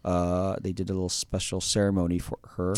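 A man's voice: deep voice, completely flat delivery, fairly quick, darkish tone, smooth, no room sound. A man hosting an interview, talking casually with lots of fillers and restarts, enthusiastic. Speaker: interview host.

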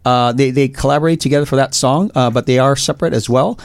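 A man hosting a podcast, talking casually and haltingly, with many fillers and restarts. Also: medium pitch, steady tone, dry recording, studio quality. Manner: hesitant, lots of uh and restarts. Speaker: podcast host.

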